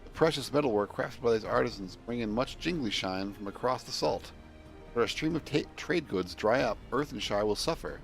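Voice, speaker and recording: A man's voice: mid-range voice, animated, normal speed, vocal fry, soft background music. A man voicing a small, formal male announcer while reading game dialogue aloud, in clipped, proclaiming phrasing.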